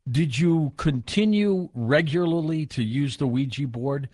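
A man's voice: a little high, measured pace, darkish tone, no room sound, studio quality. A man hosting a radio interview, encouraging his guest with brief interjections. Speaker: radio host.

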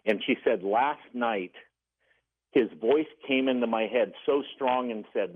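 A man's voice: medium pitch, unhurried. Earnest male caller on a tinny phone line. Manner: earnest, retelling dialogue in quotes. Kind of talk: storytelling on a radio call-in. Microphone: telephone.

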